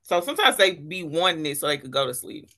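A woman's voice: deep voice, sing-song, fast, pushed and bright. A woman co-hosting a podcast who tells stories frankly and swears freely in casual chat. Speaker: podcast co-host.

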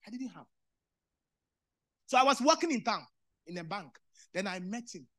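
Male Ghanaian preacher, sermon style, bright forceful tone, dramatic loud-to-quiet swings. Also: big pitch swings, moderate pace. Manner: swings between loud bursts and low quiet delivery, repeats phrases. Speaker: pastor.

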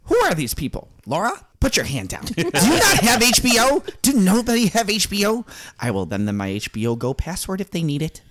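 A man's voice: sits high, huge pitch swings, a little fast, fairly bright tone, voice pushed up, full character voice. A man playing a pompous older male fantasy author in a goofy podcast impression. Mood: silly pompous. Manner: goofy, self-important joking.

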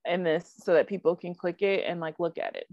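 An animated woman co-hosts a casual podcast and keeps drifting into asides. Her voice is recorded dry, with a dull, lo-fi tone. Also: lowish voice, brisk, gravelly, dry recording. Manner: animated, with frequent likes and asides. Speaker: podcast co-host. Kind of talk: casual chat.

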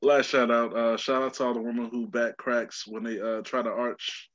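A man's voice: medium pitch, flat delivery, normal speed, a bit bright, no echo, dull audio. A man co-hosting a podcast in casual chat, joking and laid-back. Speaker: podcast co-host.

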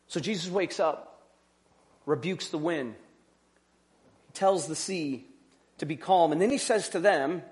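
High-voiced man preaching a casual sermon. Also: a little slow, pauses often, a little mellow. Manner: conversational, with rhetorical questions and joking asides. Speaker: pastor.

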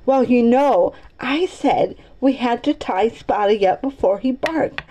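A woman's voice: a little high, expressive, measured pace, dark tone, poor audio. A woman voicing an earnest boy in a read-aloud storybook, confiding and serious. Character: earnest boy sharing a secret.

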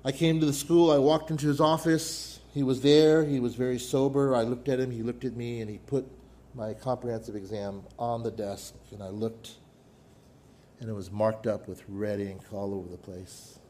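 A middle-aged man preaching a sermon, telling a personal story with dramatic pauses and sudden drops to a hush. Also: medium pitch, steady tone. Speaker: pastor.

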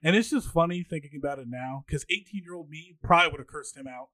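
A man in his twenties hosting a podcast, telling stories in a casual, animated way and acting out what other people said. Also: fast talker, dry recording. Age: 20s. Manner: animated, acts out quoted people with jumps in pitch. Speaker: podcast host. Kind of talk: casual storytelling monologue.

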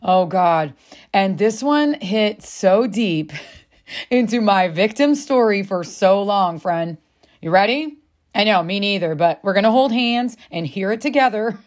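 A woman's voice: mid-range voice, a little mellow. Woman in the middle of her range, casual self-help storytelling, swears a lot and calls you friend. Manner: chatty, confiding, swears freely, calls listener friend. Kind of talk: candid personal storytelling to camera.

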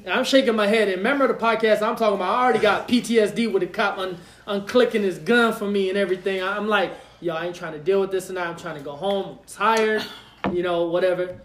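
A man's voice: high-pitched, quick pace, reverberant, a little hiss or hum. A man hosting a podcast, telling a rowdy story in casual chat, acting out quotes with lots of profanity. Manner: animated, profane, acts out quotes. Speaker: podcast host.

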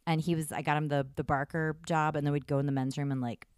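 Woman, low-pitched, thirties, animated and blunt, swearing freely, dry close mic. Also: fast, smooth, dry recording. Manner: animated, blunt and profane, big pitch jumps. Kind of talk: casual storytelling chat.

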